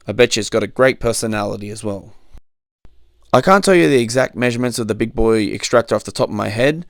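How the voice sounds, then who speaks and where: A man's voice: on the low side, fast talker, creaky, no room sound. A married man giving a comedic product review, slipping dry jokes and cheeky innuendo in between the facts. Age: adult, married.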